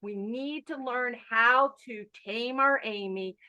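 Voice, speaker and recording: A woman teaching an online mindfulness workshop over a video call, animated and emphatic, who repeats her key phrases. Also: fairly high pitch, slow, clear, resonant tone, highs cut off. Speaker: workshop instructor.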